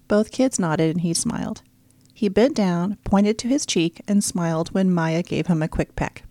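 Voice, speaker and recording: A woman reading a story aloud as the narrator, in a steady, even storytelling manner. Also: on the low side, normal speed, no room sound. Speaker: audiobook narrator. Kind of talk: scripted narration.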